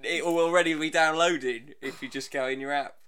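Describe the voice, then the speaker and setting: A man's voice: on the high side, fairly even intonation, fairly quick, bright, forceful tone, clean tone. A man co-hosting a comedy podcast, bantering in casual chat and giggling with mock exasperation. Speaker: podcast co-host and editor.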